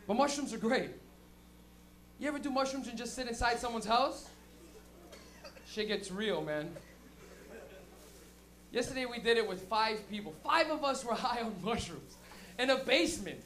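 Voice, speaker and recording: A young man doing a loose, crude stand-up set on a comedy club stage with an animated storytelling manner. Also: very high voice, moderate pace, pauses often.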